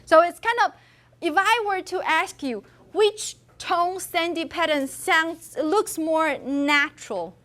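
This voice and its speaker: A woman's voice: very high-pitched, slow pace, a bit bright. A woman giving a university phonetics lecture in a classroom. She switches between English and Mandarin and says tones aloud to demonstrate them.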